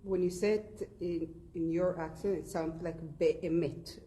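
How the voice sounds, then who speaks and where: Low, mellow woman answering in class. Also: steady tone, moderate pace. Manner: brief answers. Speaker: class participant.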